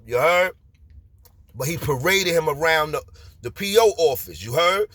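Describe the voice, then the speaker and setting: A man in his forties with a New York accent, telling street stories in a casual, animated way. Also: a little high, normal speed, no room sound. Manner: streetwise, animated, repeats "you heard?". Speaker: storyteller. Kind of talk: casual storytelling.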